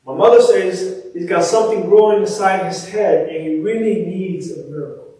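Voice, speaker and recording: Brief: preacher doing a small girl pleading earnestly in a sermon story, mellow tone, roomy and far. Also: high-pitched, normal speed, natural voice. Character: little girl pleading for a miracle. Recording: echoey church room, distant mic.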